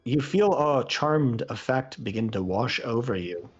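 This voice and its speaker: A man's voice: medium pitch, lively intonation, measured pace, husky, muffled recording. A man narrating as game master of a tabletop game.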